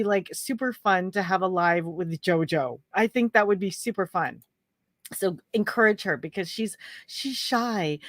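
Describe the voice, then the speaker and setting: A woman's voice: a little high, dry recording, studio quality. A woman hosting a casual livestream, chatty and greeting viewers by name, her throat a little phlegmy. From Canada. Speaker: livestream host. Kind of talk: casual live chat.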